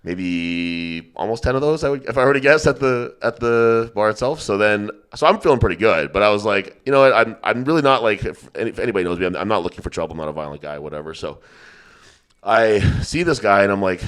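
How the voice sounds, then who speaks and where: Fast-talking, profane male podcast host. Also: fairly low pitch, lively intonation, fairly bright tone, clear, resonant tone. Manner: rambling, profane, laughing storyteller. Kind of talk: casual storytelling chat.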